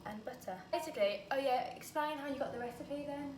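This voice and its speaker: A woman's voice: high voice, fairly quick, far from the mic. A young woman vlogging, chatting and laughing while baking at home. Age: young adult. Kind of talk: casual chat while baking. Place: home kitchen. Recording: echoey kitchen with noise.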